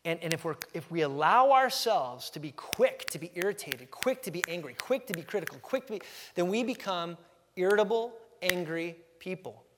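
Animated high-voiced man preaching. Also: normal speed, long reverb tail, background noise. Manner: animated, acts out quotes with big pitch jumps. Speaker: pastor. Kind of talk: sermon.

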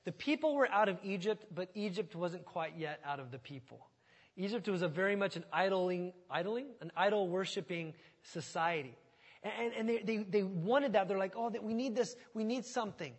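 A male pastor preaching a sermon with a high-pitched voice. He tells the story in an animated way, jumping from loud bursts to quiet, hushed stretches. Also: moderate pace.

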